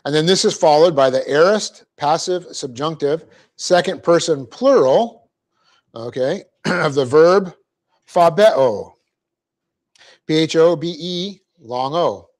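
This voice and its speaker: A middle-aged man leads a Bible class in a church classroom, his voice sitting a little high for a man. He talks through grammar step by step, keeps checking that his listeners follow, and chuckles easily at his own mistakes. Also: lively intonation, darkish tone. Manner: explanatory, often checking in with "okay?"; light-hearted, quick to laugh at himself. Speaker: Bible teacher. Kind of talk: classroom lecture on Greek grammar.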